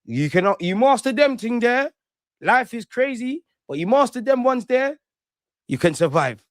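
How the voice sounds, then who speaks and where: A man rants casually on his own livestream, full of slang. His voice sits high, and he swings between loud outbursts and low mutters. The sound is dry and close, with no room around it. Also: very animated, moderate pace, no echo. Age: 30s. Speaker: livestream host.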